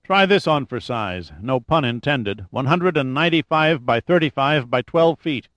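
A man reading an audiobook, voicing a groggy, grumbling male data technician with a raspy voice. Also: medium pitch, expressive, moderate pace, fairly bright tone, dry recording, voice pushed up, lightly acted. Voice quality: raspy over a speakerphone.

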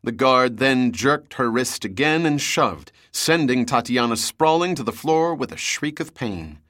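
A man narrating a thriller audiobook in a steady, measured reading. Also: medium pitch, no room sound, clean studio sound.

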